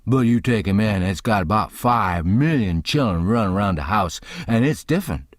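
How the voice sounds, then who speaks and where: A man's voice: on the low side, no room sound, studio quality, natural voice. A man reading an audiobook, voicing a stubborn, plain-spoken grown man in a river tale who argues in a folksy rural dialect.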